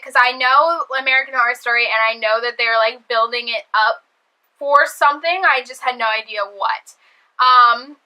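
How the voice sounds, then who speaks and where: Young woman, high bright voice, chatty, lots of fillers, acts out her reactions. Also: low-quality recording. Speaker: vlogger reviewing a TV episode. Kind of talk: casual chat.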